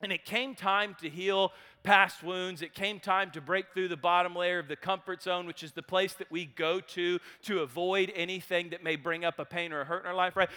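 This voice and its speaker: An animated male speaker with a high, bright voice. He tells a story in a sermon, rising to loud bursts and then dropping to hushed tones. A long reverb trails behind him as if he is in a large hall.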